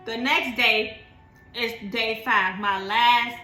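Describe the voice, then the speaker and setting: A woman's voice: on the high side, slow pace. A young woman vlogger telling a storytime in casual, profanity-laced talk, acting out what others said. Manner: animated, profane, acts out quoted dialogue. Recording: echoey room, faint music.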